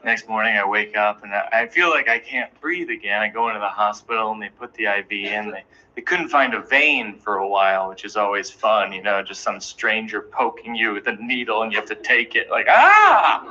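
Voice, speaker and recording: A man in his thirties telling a stand-up comedy story in an anxious, self-deprecating, animated way. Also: fairly low pitch, a little fast, hardly any pauses. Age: 30s. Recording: dull, noisy live recording.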